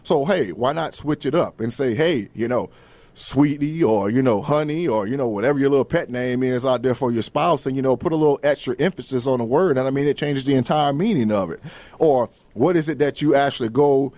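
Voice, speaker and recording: A man's voice: medium pitch, a little fast, a little mellow, no echo. A man hosting a faith-based motivational talk show, speaking casually with folksy asides and frequent restarts. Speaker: host.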